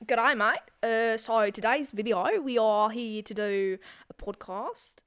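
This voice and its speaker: A woman's voice: on the high side, measured pace, smooth. A woman co-hosting a podcast who chats casually and teases her partner in a playful way. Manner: teasing, playful. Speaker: podcast co-host. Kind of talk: casual chat.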